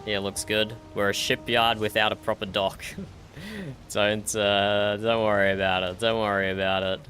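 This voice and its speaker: A man's voice: on the low side, flat delivery, normal speed, pushed and bright, faint music behind. An Australian man chatting casually during an online roleplay game, laughing often and repeating his own phrases. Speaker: roleplay streamer.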